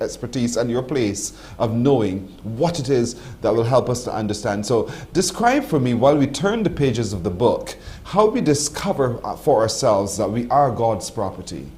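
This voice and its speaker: A man hosting a morning TV interview, his speech rising and falling with a lively pitch range. He sums up his guest's points in reflective, almost preached phrases and frequently affirms what she says. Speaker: morning show host. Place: TV studio.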